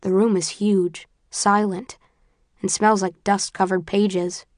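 A woman reading a first-person story aloud in a measured, often quiet and subdued way. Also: mid-range voice, little pitch movement, no echo, studio quality. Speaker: audiobook narrator. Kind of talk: first-person audiobook narration.

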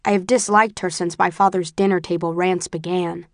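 Woman reading a novel out loud, calm measured delivery, pretty dry sound. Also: on the low side, no room sound. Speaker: audiobook narrator. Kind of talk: first-person audiobook narration.

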